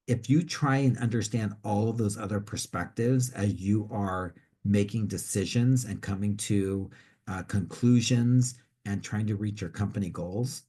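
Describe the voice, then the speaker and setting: A man's voice: lowish voice, warm tone, husky. A man giving career advice to students in a conversational way, often restarting and repeating words as he explains. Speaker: career coach. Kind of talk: instructional talk to students.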